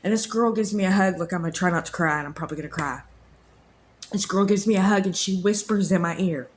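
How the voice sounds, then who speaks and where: A woman's voice: mid-range voice, fast. A woman, earnestly telling a personal faith story in a rambling way, repeating her phrases. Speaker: vlogger sharing a faith testimony.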